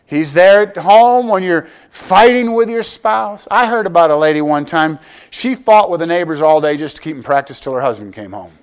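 A man's voice: fairly high pitch, lively intonation, moderate pace, hardly any pauses, smooth. An older man preaching a sermon to his church, conversational and joking, often asking the congregation direct questions. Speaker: pastor.

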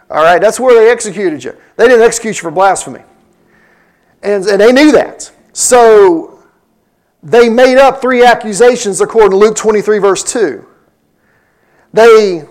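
A man's voice: high-pitched, rough recording. A man preaching a sermon, teaching from scripture verse by verse and acting out the lines he quotes. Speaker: pastor.

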